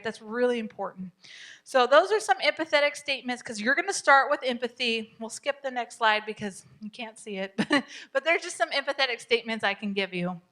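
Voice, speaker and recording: A middle-aged woman teaching a parenting class to a live group, chatty and lively, often laughing and acting out what parents and kids say. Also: fairly high pitch. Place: church meeting room.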